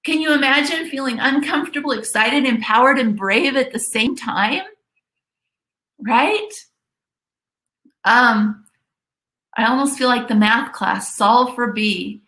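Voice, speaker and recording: A woman coaching through a motivational webinar, her voice bright and a little high. She talks slowly and earnestly and repeats her key lines for weight. The sound has an echoey room around it. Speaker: life coach presenting a webinar.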